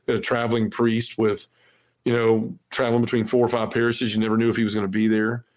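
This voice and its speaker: A fast-talking man in his forties, with a fairly low, darkish voice and a level tone, speaks as a podcast guest. He earnestly shares a personal testimony full of "you know," acting out the dialogue of the people in it.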